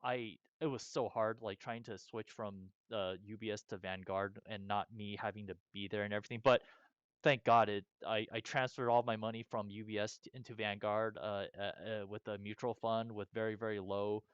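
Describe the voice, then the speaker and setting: A man's voice: lowish voice, little pitch movement, moderate pace, smooth, dry recording. A man hosting a casual chat, ranting in an agitated way with many restarts and fillers. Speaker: host. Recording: dull lo-fi sound.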